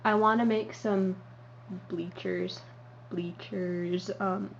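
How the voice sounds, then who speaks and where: A young woman walks through her hobby setup in a slow, meandering way, filling pauses with ums and uhs. The audio is dull and lo-fi, with a faint hiss behind her voice. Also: mid-range voice, fairly even intonation, creaky. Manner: rambling with many ums and uhs. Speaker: model horse hobby vlogger. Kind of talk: casual show-and-tell tour.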